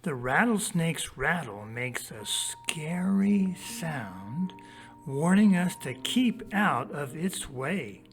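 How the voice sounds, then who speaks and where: A medium-pitched, sing-song teacher's voice reads a storybook passage while faint music plays behind. The teacher then speaks directly to young listeners, taking them carefully through a worksheet and spelling out each step.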